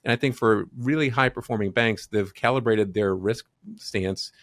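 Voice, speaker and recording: Male podcast co-host in middle age, low voice, steady and explanatory, close dry mic. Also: no room sound. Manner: measured, explains with sayings and analogies. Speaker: podcast co-host, banking advisor. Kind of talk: casual business podcast chat.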